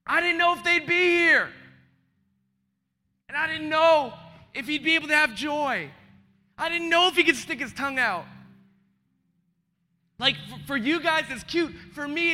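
A male pastor in his thirties preaching a sermon in a large church, moving from hushed confession to loud, emotional peaks. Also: extremely high pitch. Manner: impassioned, swings from hushed to shouting. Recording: long church hall reverb.

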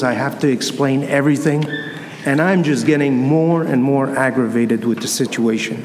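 A man's voice: medium pitch, moderate pace, a little mellow, a little hiss or hum. A man giving a Sunday homily, telling a personal story in a conversational way and acting out the dialogue. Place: church. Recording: echoey church with long reverb, faint ambience.

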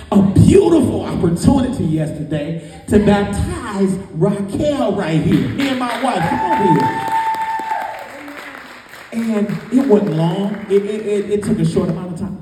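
A man's voice: high-pitched, dark tone. A man preaching a sermon as pastor, emphatic and sing-song, heard from far off in a large hall.

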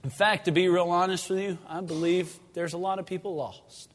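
A man preaching a sermon as pastor, moving between loud, fervent pleading and hushed storytelling, recorded in a church sanctuary. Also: high voice, fairly even intonation, normal speed, hardly any pauses. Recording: long reverb of a church sanctuary.

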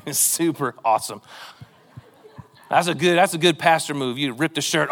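A man preaching a sermon in a church, animated and acting out quoted lines in different voices. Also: on the high side, unhurried, pauses often. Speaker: pastor.

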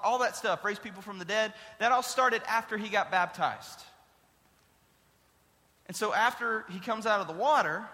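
A youth pastor with a high, bright voice, running a casual Bible lesson for kids. He is chatty and keeps quizzing his listeners with questions. His voice rings out in a hall with a long echo.

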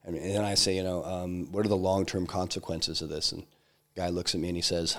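Deep-voiced man telling a personal story. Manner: halting, many restarts and fillers. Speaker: interview guest, entrepreneur.

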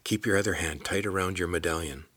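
A man voicing a steady young hero who gently reassures a frightened companion. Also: deep voice, quick pace, husky, no echo. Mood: soothing.

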